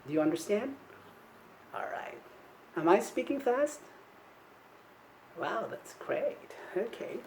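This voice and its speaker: A woman giving an online English teaching demonstration, modeling polite classroom phrases slowly and clearly for young learners to repeat. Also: medium pitch, sing-song, darkish tone, slight background noise, rough recording. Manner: slow, clear, encouraging, modeling phrases for repetition.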